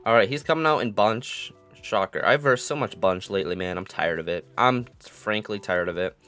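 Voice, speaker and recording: A young man giving live commentary on his own football video game, muttering plays, then yelling and gloating in a sing-song voice. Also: on the low side, normal speed, soft background music. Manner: excitable, swings from mutters to yelling. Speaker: gaming commentator.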